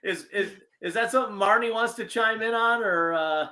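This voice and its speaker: Co-hosting a casual sports podcast, a man jokes, laughs, and goes on playful rants about food and football. His voice is high-pitched and sharp, at a normal speed.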